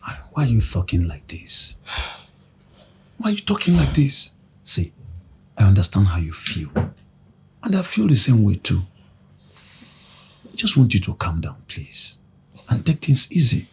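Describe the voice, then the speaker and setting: An actor playing a worried spouse who urges calm and repeats himself insistently. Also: male voice, on the low side, measured pace, pauses often, slightly rough, heavily acted. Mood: soothing.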